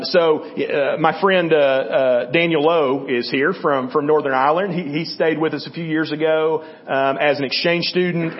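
A man with a fairly high speaking voice leads a Bible study in a loose, conversational way. He keeps checking in with his listeners and restarts his sentences as he thinks. The recording is dull and lo-fi. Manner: checks in often with "okay?" and "right?". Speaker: church teacher. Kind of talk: Bible teaching.

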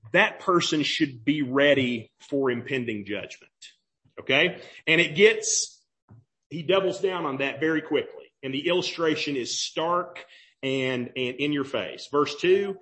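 Young male preacher, fairly high voice, conversational sermon style. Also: unhurried, fairly bright tone. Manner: conversational preaching, asks the room "right?" and "okay?". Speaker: pastor.

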